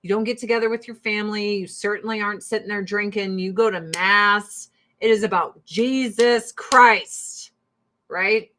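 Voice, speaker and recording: A woman in her forties talks through her skincare routine at home in a mid-pitched voice. She is blunt and swears freely, laughing as she goes. She speaks close to a streaming mic. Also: fairly even intonation, moderate pace, fairly bright tone. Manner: profane and blunt, breaks into laughs. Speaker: vlogger. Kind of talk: casual chat during a skincare routine. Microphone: streaming mic close to the camera.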